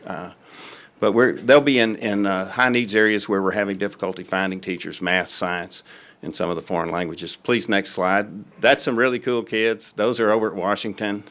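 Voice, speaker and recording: A man's voice: on the low side, fairly even intonation, moderate pace, fairly bright tone. An older man, a school superintendent giving a folksy, rambling presentation to a city board, with many fillers. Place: city council meeting room.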